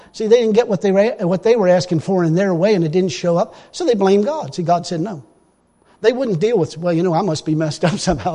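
A man preaching a sermon in a folksy, emphatic way, breaking into loud exclamations. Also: high voice, husky. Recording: long reverb of a hall.

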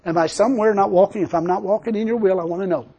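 A man's voice: high voice, racing, mellow, slightly rough, dull audio. An older man preaching a sermon, telling a personal story and then building into emphatic preaching. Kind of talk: sermon testimony.

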